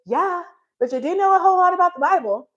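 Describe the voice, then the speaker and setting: Woman voicing God, patient and gently insistent. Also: extremely high pitch, fast talker, muffled recording, pitched above the performer's own voice. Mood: reassuring. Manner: calmly countering every excuse.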